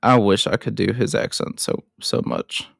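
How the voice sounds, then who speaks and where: A man's voice: lowish voice, big pitch swings, normal speed, vocal fry, no room sound, studio quality. A man hosting a casual film recap, chatty and self-deprecating with frequent asides.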